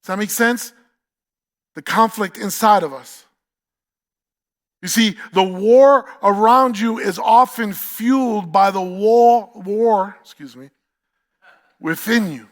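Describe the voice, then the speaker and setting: A man's voice: sits high, slow, pauses often. A man with a New York accent preaching a sermon as pastor, emphatic, repeating key phrases and asking the congregation questions.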